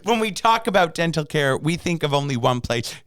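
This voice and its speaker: Lively, high-voiced male podcast co-host. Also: no echo. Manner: animated, emphatic, quick to laugh. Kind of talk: casual chat.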